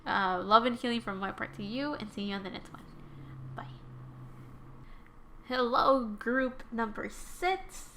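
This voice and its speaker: A woman's voice: mid-range voice, brisk, creaky, fairly bright tone, a little hiss or hum. Rambling woman doing a tarot reading. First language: Spanish. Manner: rambling, self-correcting, with many fillers. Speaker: tarot reader.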